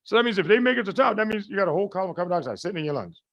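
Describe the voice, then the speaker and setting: A man's voice: high voice, big pitch swings, rapid-fire, dull audio. A man teaching a live class, often asking rhetorical questions and checking that everyone understands, with folksy, colloquial phrasing. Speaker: medical lecturer.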